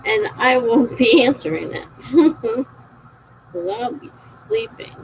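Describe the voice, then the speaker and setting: Woman streamer with a South Jersey accent, laid-back chat, slow and a bit gravelly, faint noise behind. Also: high voice, very animated, poor audio. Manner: slow, gravelly delivery with frequent laughs. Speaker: writer streaming live writing sprints. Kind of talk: casual livestream chat, reading out viewer comments.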